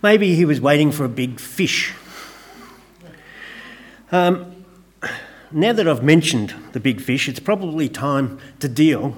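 Gentle preacher man. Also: mid-range voice, expressive, unhurried, long pauses, husky. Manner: gentle, conversational preaching with light humor; soft, hushed prayer. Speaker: pastor. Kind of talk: sermon.

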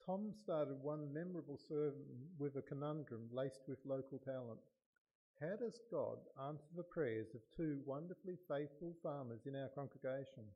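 A man, a lay preacher beginning a sermon in a calm, measured, slightly halting way. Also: on the high side, lo-fi sound.

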